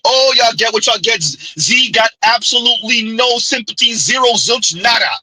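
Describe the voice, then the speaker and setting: A man's voice: very high-pitched, normal speed, sharp tone, slightly rough, no room sound, poor audio. A man, hosting a sarcastic, heated commentary rant. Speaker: commentary channel host.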